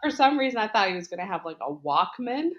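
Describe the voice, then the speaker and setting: A woman's voice: mid-range voice, big pitch swings, fast. A young woman co-hosting a podcast, chatting casually and playfully acting out a comic scene with laughter. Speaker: podcast co-host. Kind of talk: casual chat and comic storytelling. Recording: dull lo-fi sound.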